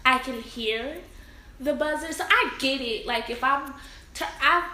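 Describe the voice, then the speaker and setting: Bright-voiced woman telling a story. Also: high-pitched, measured pace. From Chicago area. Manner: animated storytelling, profane, laughs often. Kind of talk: casual group chat. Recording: roomy echo, faint room noise.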